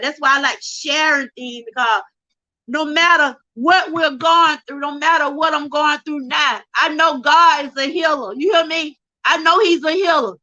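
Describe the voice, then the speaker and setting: A woman's voice: high-pitched, normal speed, bright, forceful tone, poor audio. A middle-aged woman giving an emotional, fervent testimony on her livestream, close to tears and calling out to viewers. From Georgia, USA. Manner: fervent, preacher-like, addresses viewers as y'all. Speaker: livestream host.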